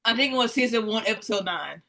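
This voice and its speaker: A woman's voice: fairly high pitch, expressive, fast, creaky, pushed and bright, poor audio. A woman hosting a casual interview, speaking hesitantly and repeating words before her questions. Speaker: host.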